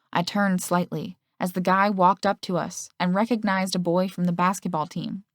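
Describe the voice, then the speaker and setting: A woman's voice: steady tone, moderate pace, hardly any pauses, no echo, studio quality. A woman reading a first-person audiobook, giving the characters' lines small shifts of voice. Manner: reads male and female characters' lines with shifts in pitch. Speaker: audiobook narrator.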